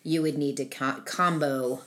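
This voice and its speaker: Woman co-host with a low voice, playful and laughing, careful when she explains. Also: fairly even intonation, fairly bright tone. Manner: playful, laughs often, explains at a measured pace. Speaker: podcast co-host. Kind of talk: casual chat.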